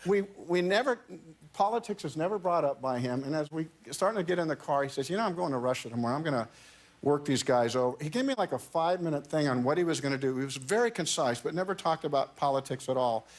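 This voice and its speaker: Slightly high-voiced man, halting storyteller. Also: animated. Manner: halting, restarts and repeats words. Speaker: talk show guest. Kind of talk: telling an anecdote in casual chat.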